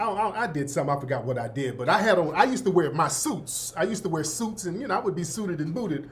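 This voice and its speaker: Male host in his fifties, high voice, laid-back slangy storyteller who laughs a lot. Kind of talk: casual storytelling.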